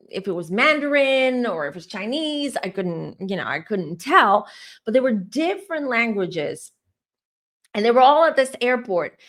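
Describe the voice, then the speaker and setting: Young woman doing a tarot channel, chatty and casual, just talking to her viewers. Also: medium pitch. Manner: chatty, addresses viewers directly. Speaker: psychic tarot reader. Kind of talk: casual storytelling to camera.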